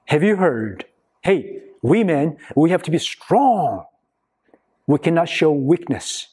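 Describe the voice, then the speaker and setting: A man preaching a sermon to his congregation in a church, slow and emphatic, with long pauses between phrases. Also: on the high side, very animated, a little mellow, breathy edge. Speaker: pastor. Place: church sanctuary.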